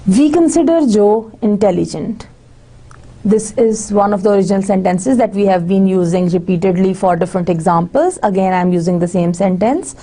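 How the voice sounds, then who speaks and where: A woman delivers a recorded university lecture. Her voice is mellow and dark in tone. She walks through each example patiently, pausing on fillers and restarting phrases as she goes. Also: mid-range voice. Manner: explains step by step with frequent fillers and restarts, slips into Hindi-Urdu asides.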